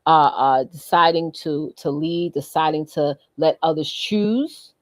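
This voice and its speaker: An upbeat woman co-hosts a casual business talk show, chatty and quick to laugh. Her voice sits a little low and sounds dry and close to the mic. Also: no echo. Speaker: co-host.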